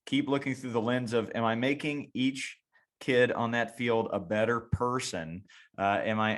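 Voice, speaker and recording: A man's voice: on the low side, a bit bright. A man hosting a coaching podcast, speaking in a reflective, encouraging way. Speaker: podcast host. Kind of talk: casual chat.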